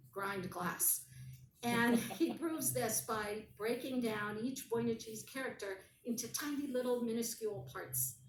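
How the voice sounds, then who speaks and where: An animated woman tells a story in relaxed conversation, with dry, wry asides. Her voice sits at a middle pitch. She sounds some way from the mic, in a roomy space with a faint hum of ambience behind her. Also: recorded from a distance. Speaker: guest.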